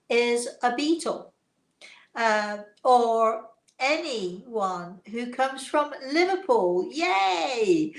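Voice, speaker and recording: An older woman with an English accent, a spiritual author answering viewer questions in a casual, encouraging way with many fillers. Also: medium pitch. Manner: chatty, warm encouragement, laughs often, hesitant fillers. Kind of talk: casual live Q&A chat. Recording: echoey room sound.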